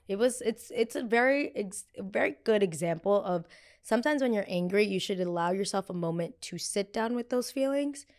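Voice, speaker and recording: Brief: young woman podcast host, casual gossip chat, blunt, animated, average pitch. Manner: animated, gossipy and blunt, with frequent quoted voices. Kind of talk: casual pop culture chat.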